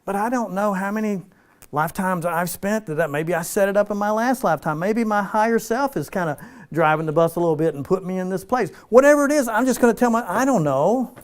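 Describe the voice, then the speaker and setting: A man leading an informal spiritual teaching for a small group, relaxed and playful, slowing down for emphasis. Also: high voice, smooth. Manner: relaxed, playful, laughs often, slows for emphasis.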